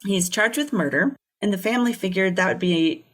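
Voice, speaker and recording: A woman's voice: mid-range voice, a little fast. A woman co-hosting a true crime podcast, telling a case in casual chat with blunt, sarcastic asides. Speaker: podcast co-host.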